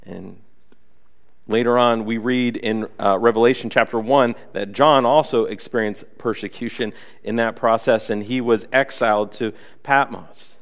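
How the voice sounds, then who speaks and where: Animated male preacher acting out scripture. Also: medium pitch, measured pace. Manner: animated, acts out the story, asks the congregation. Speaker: pastor. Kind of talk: sermon.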